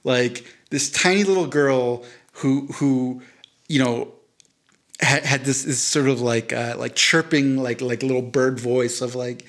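A man on a podcast spins a long story in a loose, rambling way. He keeps restarting sentences and pokes fun at himself. His voice sits at an everyday middle pitch. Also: lively intonation, measured pace, fairly bright tone. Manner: rambling, self-deprecating, frequent restarts and fillers. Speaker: podcast co-host. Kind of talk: casual chat, storytelling.

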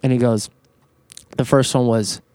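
Animated man telling stories on a podcast, dry sound. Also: mid-range voice, measured pace, clean tone, dry recording. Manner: animated storyteller who swears and stammers on repeated words. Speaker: podcast host. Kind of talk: casual podcast conversation.

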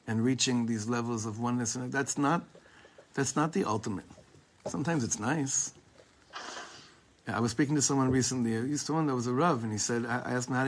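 A man's voice: medium pitch, breathy edge. A man giving an informal Torah class, talking conversationally and quoting Hebrew texts. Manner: conversational, restarts and quotes in Hebrew. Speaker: Torah teacher.

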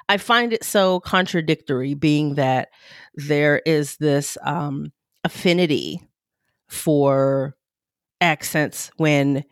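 A woman's voice: low-pitched, takes it slowly, clear, resonant tone, no room sound, studio quality. Chatty reflective woman host. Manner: reflective, rambling, gets animated. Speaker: podcast host. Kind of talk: conversational interview.

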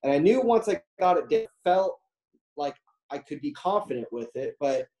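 A man's voice: fairly high pitch, expressive, moderate pace, darkish tone, poor audio. A man casually telling a story as an interview guest, rambling with lots of fillers and acting out quoted dialogue.

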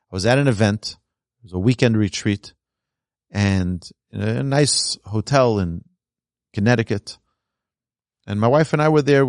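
A rabbi teaches a storytelling Torah lesson in a lowish voice, animatedly acting out the people in his stories and their quoted voices. The sound is studio quality with no room sound.

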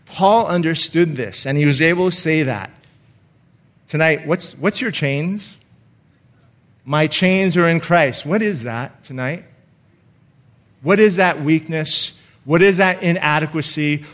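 A man preaching a sermon, slowing down to stress scripture and calling on the congregation to repeat lines after him. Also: fairly high pitch, fairly bright tone. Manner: emphatic, calls for congregation responses, slows to stress scripture.

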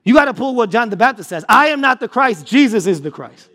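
A man with a very high voice preaching a sermon. He hammers his points through repetition, swinging between loud, driving declarations and low, hushed stretches. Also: big pitch swings, a little fast. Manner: emphatic preaching, rising to forceful repeated declarations; drops low and quiet for weighty points. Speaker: pastor.

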